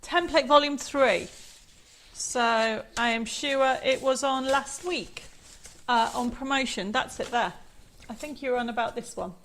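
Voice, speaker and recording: A woman's voice: a little high, measured pace, fairly bright tone, slight background noise. A chatty woman hosting a live craft show, bubbly as she rambles through greetings and reads out viewer comments. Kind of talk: live-stream chat reading viewer comments. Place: home studio.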